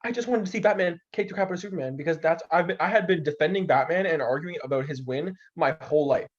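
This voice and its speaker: A man's voice: fairly high pitch, fast. A young man in casual podcast chat, telling stories with lots of energy and acting out the people he quotes. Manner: animated, acts out quoted voices. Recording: slightly dull lo-fi audio.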